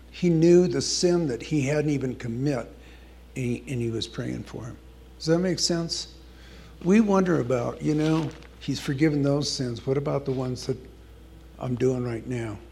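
A man's voice: medium pitch, gravelly, darkish tone, a little hiss or hum. A man preaching a conversational sermon, earnestly telling a scripture story and reading verses aloud with emphasis.

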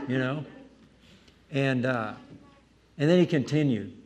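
A male preacher tells a personal dinner-table story with lively energy. He jumps into asides, pokes fun at himself, and acts out the scene as he goes. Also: mid-range voice, slow, long pauses. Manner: animated, self-mocking asides, acts out the scene. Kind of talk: anecdotal storytelling.

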